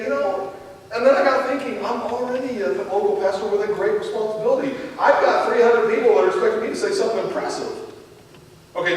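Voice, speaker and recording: A man pastor giving a sermon with a Midwest American accent, telling a family story and acting out the dialogue. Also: high-pitched. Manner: animated storytelling, acts out dialogue. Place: church sanctuary. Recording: echoey church hall from far off, faint noise.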